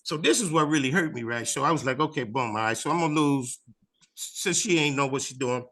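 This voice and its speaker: A man's voice: fairly high pitch, fairly quick. A man in his fifties with a Chicago accent, a comedian telling a long story in an interview and acting out the voices of the people in it. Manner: animated storyteller, acts out other people's voices.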